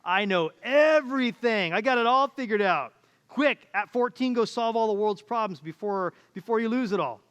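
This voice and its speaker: High-voiced pastor preaching in a reverberant hall. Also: male voice, expressive, normal speed, a bit bright, clean tone, lo-fi sound. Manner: storytelling, acts out quoted voices. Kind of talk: sermon. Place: church auditorium.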